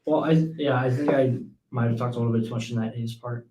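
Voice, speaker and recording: Young man, mellow voice, echoey room. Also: mid-range voice, fairly even intonation, quick pace. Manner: loose, hesitant, steers the talk. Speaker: podcast co-host. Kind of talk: casual sports chat. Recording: echoey room, mic at a distance.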